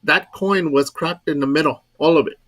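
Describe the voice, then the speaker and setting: A man's voice: fairly high pitch, moderate pace, fairly bright tone. A man casually telling a ghost story, rambling and repeating words, acting out quoted dialogue. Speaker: guest storyteller.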